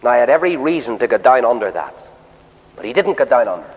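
A man's voice: mid-range voice, very animated, fast. A man preaching a sermon emphatically, often asking his listeners rhetorical questions. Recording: long hall reverb.

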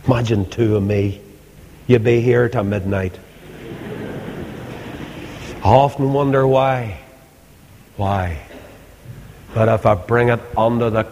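A man preaching a sermon, swinging between loud pleas and hushed asides. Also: lowish voice, slight background noise. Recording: long hall reverb.

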